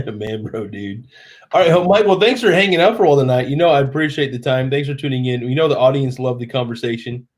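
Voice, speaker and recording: A man's voice: medium pitch, brisk. A man in his thirties, tipsy, hosting a live stream in chatty, rambling casual talk. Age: 30s.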